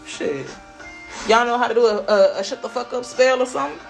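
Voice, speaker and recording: A woman's voice: on the high side, brisk, gravelly, soft background music. Blunt, profane woman podcaster. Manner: blunt and profane, swears freely. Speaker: podcast host. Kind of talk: casual spiritual pep talk.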